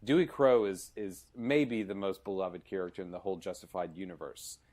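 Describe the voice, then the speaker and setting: A low-pitched man hosts a casual podcast chat. He talks with eager enthusiasm, rambling through stories with many restarts and asides. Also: a little fast, darkish tone. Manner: enthusiastic, rambling, retells scenes with laughs. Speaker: podcast host. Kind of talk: casual conversation.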